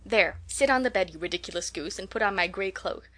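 A woman's voice: medium pitch, fairly quick, sharp tone, natural voice. A woman reading aloud, voicing an affectionate, slightly bossy schoolgirl sister in her own voice. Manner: affectionate, coaxing, lightly bossy. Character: warm, eager older sister schoolgirl.

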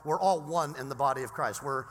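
A male pastor from Southern California preaching a sermon in a casual, animated way, with frequent restarts. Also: mid-range voice, fairly quick. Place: large church sanctuary. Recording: long reverb in a church hall.

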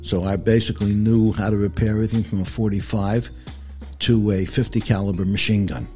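A man's voice: lowish voice, steady tone, brisk, mellow, faint music behind. An older man from New Jersey with a Northern New Jersey accent, telling his story as an interview guest in a plain, matter-of-fact way. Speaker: guest, veteran. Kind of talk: casual interview.

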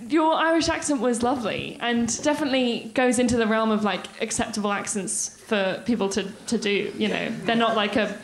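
A woman's voice: a little high, fairly quick, few pauses. A woman hosting a live story slam, bubbly and chatty, laughing between announcements. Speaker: event host. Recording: echoey live venue with crowd and noise.

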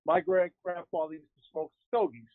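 A man with a fairly high voice tells a rambling, joking family story as a podcast guest. The sound is dry and thin, like a phone line. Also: little pitch movement, moderate pace, no echo. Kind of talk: storytelling in casual chat.

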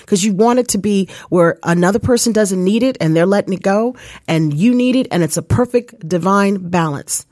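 A woman's voice: mid-range voice, no echo, studio quality. A woman hosting a live spiritual coaching show, telling a personal story in an earnest, casual way and often speaking to listeners directly. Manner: earnest, addresses listeners as "you guys".

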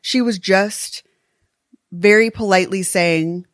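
A woman's voice: mid-range voice, slow pace, no room sound, clean studio sound. A woman co-hosting a true crime podcast, talking earnestly and emphatically and swearing when worked up. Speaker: podcast co-host.

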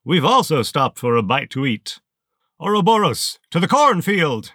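A man putting on a towering armored villain colonel for a storybook, pitched well above his own voice and pushed loud. The voice grates like a rusty saw, coldly amused and mocking. Its timbre sits oddly apart from his normal voice. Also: big pitch swings, unhurried, no echo, clean studio sound, full character voice. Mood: commanding.

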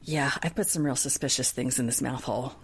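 A low-pitched woman chatting as a podcast co-host. She retells scenes in an animated way and quotes people in put-on voices. The talk is loose, casual and quick to joke. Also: breathy edge. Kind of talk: casual chat recapping a reality show.

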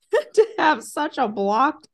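A woman's voice: high voice, very animated, slow, creaky. A young woman co-hosting a podcast in casual chat, laid-back, slangy and teasing. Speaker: podcast co-host.

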